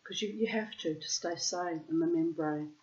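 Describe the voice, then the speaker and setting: A woman's voice: fairly low pitch, normal speed, darkish tone. Profane, rambling woman, lo-fi. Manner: profane, rambling, theatrical asides. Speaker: reader and host. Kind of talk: casual rambling monologue. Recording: dull lo-fi recording.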